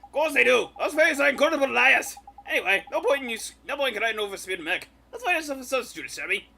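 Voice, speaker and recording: A man's voice: extremely high pitch, very animated, fast talker, gravelly, sharp tone, soft background music, exaggerated voice. Man putting on a cheeky fairy with a British lilt. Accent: put-on British. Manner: bouncy, sing-song, cocky slang. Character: cheeky small male fairy sidekick, teasing and brash. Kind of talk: voicing game dialogue on a livestream.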